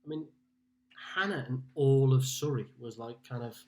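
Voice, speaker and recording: A man's voice: medium pitch, moderate pace, mellow. A man from Liverpool hosting a casual live-streamed pub quiz from home, chatting and greeting players by name as he reads out their scores. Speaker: quiz host.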